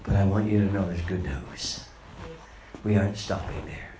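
A man's voice: deep voice, normal speed, warm tone. A man preaching a sermon, retelling a story with rising and falling dramatic intensity. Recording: roomy echo, faint noise.

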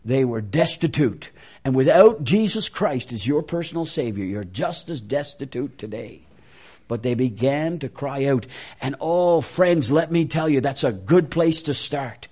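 A man's voice: mid-range voice, expressive, measured pace, darkish tone, breathy edge. A man preaching an interactive sermon, making emphatic, repeated appeals to his listeners.

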